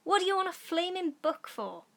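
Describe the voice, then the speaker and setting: A woman's voice: very high-pitched, very animated, brisk, a bit bright, voice pushed up, heavily acted. A woman reading aloud as a grumpy father scolding his daughter, in a blustering, indignant voice. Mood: irritated scolding.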